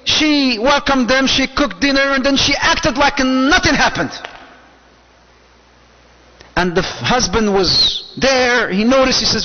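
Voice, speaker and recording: High-voiced preacher in an echoey hall. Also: male voice, normal speed. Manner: lively, mixes Arabic phrases into English. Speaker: Islamic preacher. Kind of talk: lecture to a live audience. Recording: dull, echoey hall sound.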